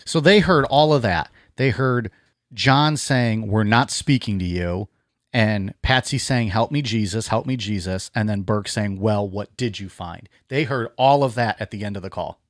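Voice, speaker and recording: A man's voice: lowish voice, normal speed, no echo, clean studio sound. A man co-hosting a casual podcast, chiming in to sum up points and ask questions. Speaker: podcast co-host. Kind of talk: casual chat.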